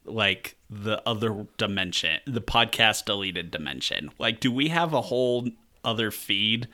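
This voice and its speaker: A man's voice: on the low side, animated, measured pace, sharp tone. A man co-hosting a podcast, joking playfully in casual chat. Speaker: podcast co-host.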